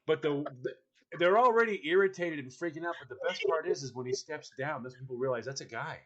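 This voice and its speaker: A man chatting casually and telling a funny story, acting out the people in it with lively energy. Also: on the high side, fast, lo-fi sound. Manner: animated, acts out people in his stories.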